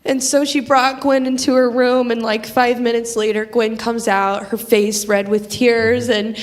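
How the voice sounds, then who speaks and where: A woman with a somewhat high voice shares a story with a church congregation. She tells it in a lively way and acts out the voices of the people she quotes. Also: measured pace.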